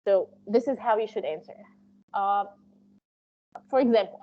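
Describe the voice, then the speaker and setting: A woman's voice: medium pitch, unhurried, a little hiss or hum. A woman instructor teaching a live online class on medical interpreting, explaining step by step with frequent fillers and restarts. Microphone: video call. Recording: muffled lo-fi call audio.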